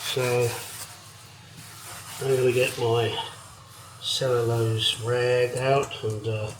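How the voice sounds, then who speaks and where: A man's voice: mid-range voice, flat delivery, extremely slow, noisy background. A man chatting casually and dryly as he restores a classic car in his workshop. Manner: dry, self-deprecating, swears casually. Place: home workshop.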